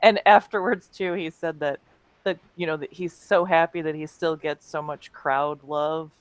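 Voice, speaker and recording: Lower-voiced woman co-host, chatty. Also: fairly even intonation, normal speed, no room sound, rough recording. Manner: laughing, quotes people playfully. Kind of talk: casual chat.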